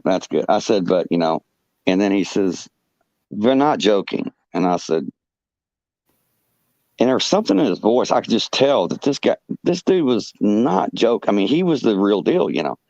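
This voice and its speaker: A man with a very deep, low voice tells a personal story in a halting, rambling way. He is full of fillers and restarts. The recording is dry and close, with a dull, muffled lo-fi sound. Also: sing-song, vocal fry, darkish tone, no room sound. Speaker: podcast guest telling a personal story. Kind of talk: rambling first-person anecdote.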